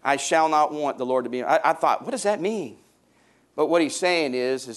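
A male pastor delivering a sermon, swinging between soft, hushed passages and loud, rising emphatic stretches, and calling on the congregation to respond. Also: on the high side, moderate pace.

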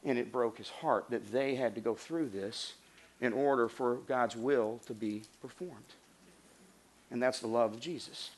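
A man preaching a sermon as pastor, earnest, rising to emphatic lines and dropping to soft hushed passages. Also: mid-range voice, unhurried.

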